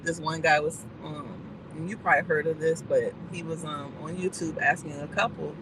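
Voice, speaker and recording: A woman driving instructor chatting casually in a moving car, telling stories and acting out the voices in them between calm, brief driving instructions. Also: sits low, moderate pace, noisy background. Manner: animated storyteller who acts out the voices in her stories. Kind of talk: casual chat during a driving lesson.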